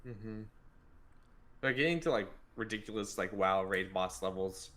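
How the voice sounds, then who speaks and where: A man's voice: fairly low pitch, a little slow, fairly bright tone. A man co-hosting a podcast, laid-back and casual, often agreeing with short fillers. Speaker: podcast co-host. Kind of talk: casual chat.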